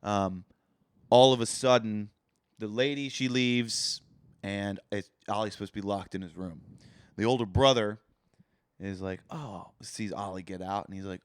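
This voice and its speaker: A man co-hosting a podcast, telling a story in an animated way and swearing freely into a studio mic. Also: on the low side, a little slow, clear, resonant tone, dry recording. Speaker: podcast co-host. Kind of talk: casual chat.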